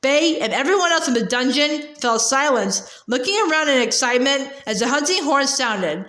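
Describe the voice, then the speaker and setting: A woman's voice: high voice, animated, moderate pace, a bit bright. A woman reading a storybook aloud, sometimes tripping over and repeating words. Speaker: audiobook reader. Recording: echoey room.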